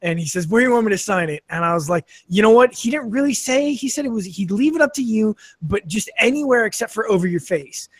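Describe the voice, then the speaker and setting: A man's voice: high-pitched, lively intonation, fast, few pauses, no echo, studio quality. A man telling anecdotes with wry humor as a podcast guest. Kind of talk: casual chat.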